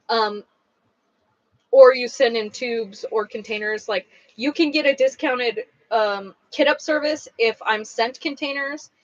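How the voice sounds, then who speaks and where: A woman's voice: a little high, dry recording, lo-fi sound. A woman who owns a craft shop, chatting casually on a livestream while she packs orders, rambling and blunt.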